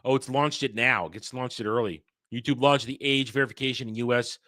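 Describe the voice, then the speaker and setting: A man's voice: mid-range voice, a little fast, bright, forceful tone, no room sound, clean studio sound. A man hosting a daily entertainment news show, reading headlines and giving blunt, profane, irritated takes. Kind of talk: casual ranting commentary on headlines.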